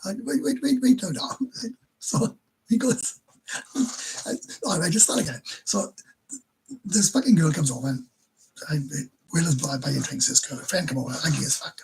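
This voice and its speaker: A Welsh man chats to his viewers in a deeply husky, breathy voice pitched slightly above the usual male range. He rambles, swears, and laughs his way through crude anecdotes. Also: moderate pace, long pauses, a little mellow, low-quality recording. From Wales. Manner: crude, swears constantly, laughs mid-story, stumbles and restarts. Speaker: live stream host. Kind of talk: casual storytelling to viewers.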